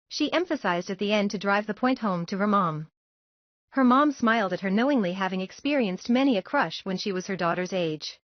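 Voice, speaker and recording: A woman reading a fan-fiction story aloud in a steady, even narrating voice. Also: mid-range voice, brisk, no room sound, dull audio. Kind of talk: audiobook-style story narration.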